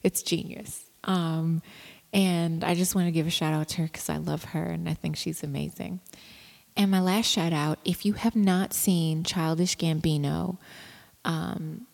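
Chatty woman with a gravelly voice. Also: on the low side, fairly even intonation, measured pace, a little mellow, in a large hall. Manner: rambling, chatty, with many fillers and restarts. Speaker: home brewer. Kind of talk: casual vlog chat.

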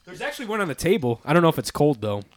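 A man's voice: on the high side, sing-song, rapid-fire. Laid-back young man swapping stories. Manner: laid-back, swears freely, rambling storyteller. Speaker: podcast host. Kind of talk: casual chat among friends.

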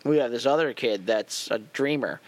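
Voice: mid-range voice, moderate pace. A podcast co-host in casual rewatch chat, joking around and riffing on scenes with made-up quoted lines.

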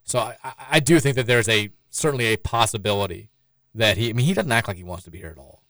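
A man's voice: lowish voice, animated, fast talker, a bit bright, no echo. A man hosting a sports radio show in casual chat, with a sarcastic, dry joking manner.

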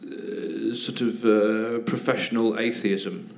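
A man's voice: lowish voice, steady tone, slow pace, vocal fry. A comedian guest on a live podcast, a man who talks in a hesitant, rambling way with many fillers and a wry, sardonic edge.

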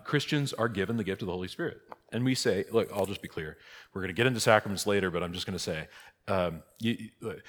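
Middle-aged male pastor, low voice, chatty teaching style, big reverberant church hall. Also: a bit bright. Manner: conversational, frequent "okay?" and "right?" check-ins. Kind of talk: catechesis teaching. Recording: long reverb of a large hall.

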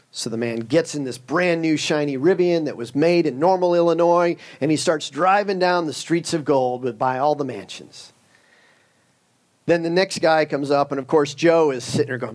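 A man preaching with a higher voice. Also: normal speed. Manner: conversational, storytelling, joking asides. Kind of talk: sermon with a humorous story.

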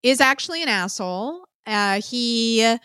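A woman co-host recaps a film in casual podcast chat, swearing freely and telling it with lively energy. Her voice sits a little high and sounds smooth and clear, close and dry with no room sound. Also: measured pace, no echo. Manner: profane, lively storytelling.

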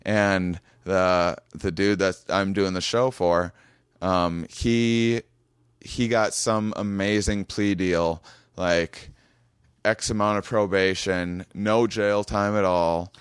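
A man's voice: low voice, steady tone, slow, smooth, no echo. Male comedian telling a rambling anecdote: clean, resonant voice, dead-dry room, lots of restarts. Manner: rambling, stammering restarts, acts out quoted voices. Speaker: comedian guest. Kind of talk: casual storytelling chat. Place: small home room.

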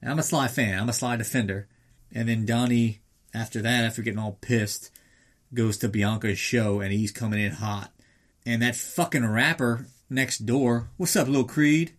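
A man's voice: mid-range voice, fairly even intonation, normal speed. A man casually recapping a film in a rambling, sarcastic way, swearing often.

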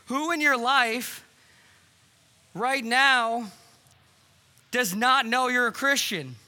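A pastor delivers a sermon with earnest urgency, pressing questions on his listeners. His voice sits very high and sounds sharp and bright. He is a man speaking to his congregation from the front. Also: slow. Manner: earnest, urgent preaching with quoted dialogue. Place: church hall.

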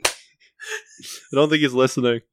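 A man's voice: mid-range voice, fairly even intonation, moderate pace, smooth. A man co-hosting a comedy podcast in casual chat, dry and laid-back, steering the conversation back on track. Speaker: podcast co-host steering the debate.

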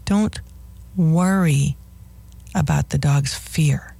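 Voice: medium pitch, drawn-out words, gravelly, mellow, breathy edge, dry recording. A radio host of a dog-training show, giving firm, instructive advice as a list of do's and don'ts.

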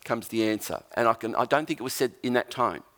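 A male pastor preaching in an animated storytelling way. His voice sits in a middling pitch, and he jumps into little acted quotes as he goes. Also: fast talker. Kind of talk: sermon.

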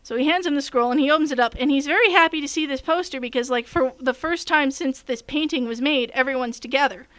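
A woman's voice: sits high, fast, few pauses, a bit bright, no echo. A woman who runs tabletop games, telling a long story in casual chat, full of fillers and restarts. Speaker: game master telling a story.

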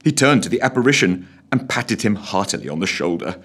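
A man's voice: on the low side, very animated, a little fast, few pauses, fairly bright tone, slightly rough. A man narrating a comic story with a wry, mock-solemn delivery.

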